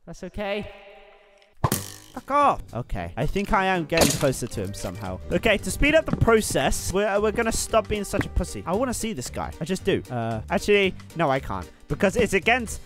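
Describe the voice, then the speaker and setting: Young male gamer, nervous and jumpy, high-pitched voice with wild swings, music playing underneath. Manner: jittery, nervous muttering that bursts into yelps and screams. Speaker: gaming YouTuber. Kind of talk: horror game commentary.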